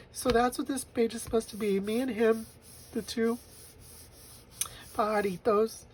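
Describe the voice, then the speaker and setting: A woman's voice: mid-range voice, a little hiss or hum, rough recording. A woman vlogger telling an emotional personal story while crafting a journal page, tearful at times and laughing as she remembers. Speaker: vlogger making a grief journal.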